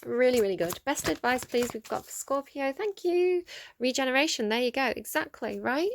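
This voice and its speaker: A young woman giving a casual tarot reading, chatting excitedly and reading card texts aloud. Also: sits high, normal speed. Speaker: tarot reader.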